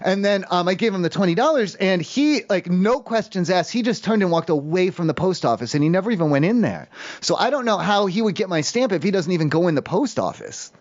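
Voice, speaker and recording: A man making a deadpan prank call, rambling and hesitant with lots of ums and restarts. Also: sits high, brisk, lo-fi sound. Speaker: prank caller.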